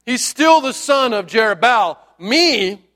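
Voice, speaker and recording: Guy putting on a loud drunk blowhard, high-pitched and brash, bragging hard. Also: lively intonation, measured pace, heavily acted. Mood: boastful. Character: boastful drunk man challenging a ruler.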